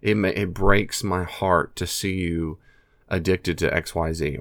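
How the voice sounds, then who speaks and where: A man's voice: low-pitched, fairly even intonation, unhurried, a bit bright, no echo, clean studio sound. A man with an American accent giving earnest, emphatic advice straight to camera, often repeating his key phrases. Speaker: advice speaker on addiction and family. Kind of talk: direct-to-camera advice talk.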